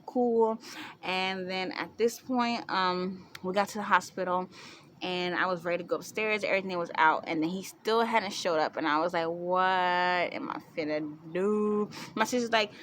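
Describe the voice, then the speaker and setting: A woman's voice: medium pitch, a bit bright, slight background noise. A young woman tells a story to camera in a chatty way, laughing and acting out what people said. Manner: chatty, laughing, acts out quotes with squeals. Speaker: vlogger.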